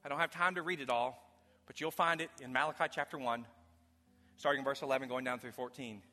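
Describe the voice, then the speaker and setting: A pastor preaching a sermon to his congregation, emphatic, swinging from loud declarations to hushed low lines. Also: fairly even intonation, fast talker, faint music behind. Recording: long hall reverb.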